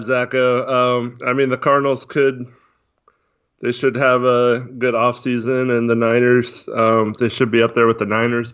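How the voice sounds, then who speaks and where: A man chatting casually on a livestream, talking in a monotone with many fillers while reading chat. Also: on the low side. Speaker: podcast co-host. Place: voice only on a live stream. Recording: dull lo-fi stream audio.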